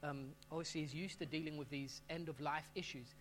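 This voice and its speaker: A man's voice: a little high, steady tone, a little fast, fairly bright tone, slight background noise. A middle-aged man preaching a sermon as pastor, talking in a conversational way and often restarting his phrases.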